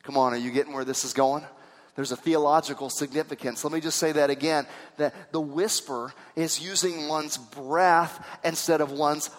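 A man preaching a sermon, swinging from hushed tones to shouts. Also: fairly high pitch, steady tone, moderate pace. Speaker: pastor. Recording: long reverb of a hall.

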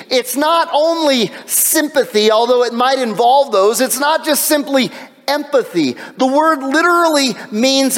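A man with a high voice preaches a sermon. He is animated and breaks in with jokes and asides. His voice rings with the long reverb of a large hall. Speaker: pastor.

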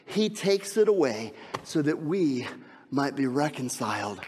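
A man preaching an Easter sermon as pastor, emphatic, repeating key phrases and dropping to hushed tones. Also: mid-range voice, sing-song, measured pace, long reverb tail, a little hiss or hum. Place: church sanctuary.

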